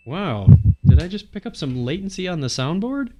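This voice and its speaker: A man hosting a podcast, his voice sitting a little high and swinging widely in pitch as he banters. He jokes and laughs easily, and he narrates his own fiddling with the recording setup. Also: sing-song, heavy background noise. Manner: jokey, quick to laugh, fiddles with recording gear. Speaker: podcast host. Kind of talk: casual banter.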